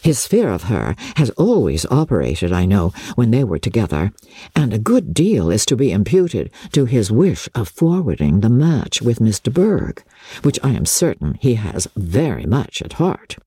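A woman reading aloud, voicing a charming young male officer who speaks in a low, measured, confiding way. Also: sing-song, warm tone, breathy edge, dry recording, studio quality, full character voice.

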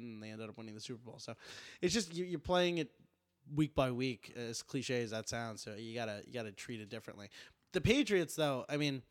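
A man's voice: medium pitch, no room sound, studio quality. A young man co-hosting a casual sports podcast, ranting animatedly and poking fun at himself. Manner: animated, ranting, self-mocking. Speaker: podcast co-host. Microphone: studio podcast microphone.

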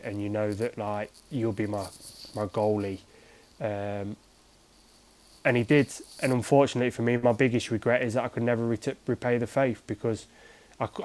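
A man's voice: mid-range voice, darkish tone, rough recording. A man, a former goalkeeper, chatting as a guest in an interview and telling stories in a rambling, conversational way with many restarts. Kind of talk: casual storytelling in an interview.

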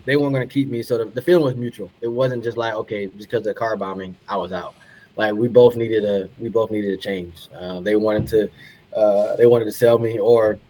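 A man, a guest on a podcast, telling stories in a relaxed way, laughing often and repeating words for emphasis. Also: fairly low pitch, a little fast, poor audio. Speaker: podcast guest, retired pro soccer player. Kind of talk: casual storytelling.

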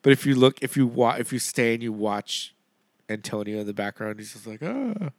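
A man's voice: on the low side, fairly even intonation, a little fast, no room sound. Rambling man chatting on a podcast. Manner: rambling, many fillers, laughs often. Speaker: podcast co-host. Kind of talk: casual movie podcast chat.

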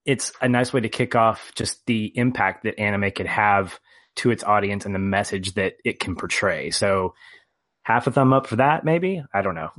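A man's voice: fairly low pitch, moderate pace, a bit bright, no echo. A man co-hosting a podcast, talking about a film in a wry, hesitant way. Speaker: podcast co-host. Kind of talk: casual film review chat.

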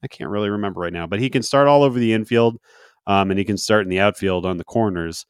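A man's voice: lowish voice, fast talker, clean tone, no room sound, clean studio sound. A man co-hosting a sports podcast, talking in a rambling way with many fillers and restarts. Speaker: podcast co-host. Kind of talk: casual sports chat.

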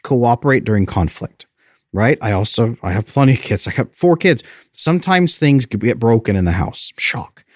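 A man's voice: mid-range voice, lively intonation, moderate pace, dry recording, studio quality. Earnest man in his thirties giving parenting advice. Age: 30s. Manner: explanatory, repeats points for emphasis.

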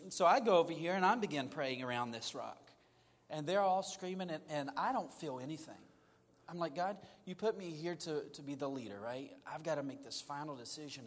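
A man as a guest, telling a personal story in an animated, self-mocking way. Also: fairly high pitch, long reverb tail. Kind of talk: storytelling in a conversation.

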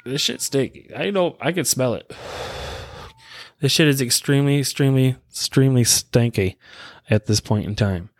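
A man hosting a casual solo podcast, rambling in a laid-back way and chuckling often while high. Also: moderate pace, no room sound, studio quality. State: high on cannabis. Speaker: podcast host. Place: his own room.

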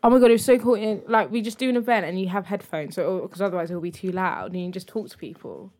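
A young woman co-hosting a podcast, chatting in a lively way, laughing and swearing freely. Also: medium pitch, fast talker. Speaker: podcast co-host. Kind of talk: casual chat.

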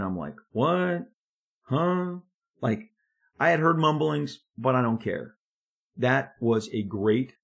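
A man in his fifties tells a career story with animated, emphatic energy, rushing ahead when excited. His voice is husky with a mid-range pitch. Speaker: comic book artist. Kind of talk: storytelling monologue.

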